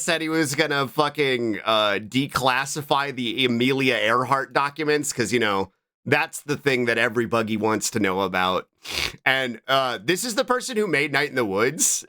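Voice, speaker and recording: A man's voice: mid-range voice, sharp tone. A man streaming live, chatting casually, rambling and repeating himself as he answers chat.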